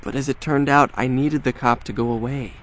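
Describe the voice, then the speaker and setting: An actor playing a nervous young hacker who talks fast when pressed. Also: male voice, medium pitch, fairly even intonation, slight background noise, close to an everyday voice. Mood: sheepish. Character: nervous young male hacker, anxious and quick. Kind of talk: audio drama acting.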